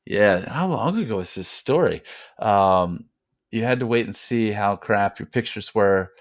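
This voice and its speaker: A man's voice: lowish voice, expressive, unhurried, no echo, clean studio sound. A man co-hosting a podcast, reading listener mail aloud in a rambling, joking way with lots of fillers. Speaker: podcast co-host.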